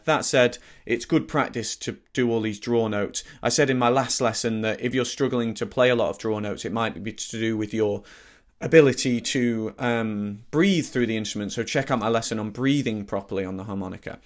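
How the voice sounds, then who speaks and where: A man teaching a harmonica lesson in a relaxed, easygoing way, thinking aloud and correcting himself as he explains. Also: mid-range voice, brisk. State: slightly out of breath. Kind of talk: relaxed instructional talk.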